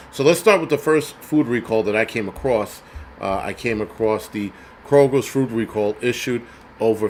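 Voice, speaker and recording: A man's voice: medium pitch, a little hiss or hum. A middle-aged man hosting a show, ranting in a profane, sarcastic and blunt way. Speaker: host. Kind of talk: ranting commentary.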